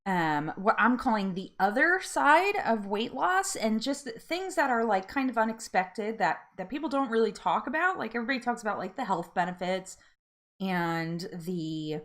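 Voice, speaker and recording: A woman's voice: mid-range voice, lively intonation, moderate pace, fairly bright tone. A young woman hosting a casual live-stream chat, greeting viewers and laughing often in an upbeat way. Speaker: host of a live weight loss support chat.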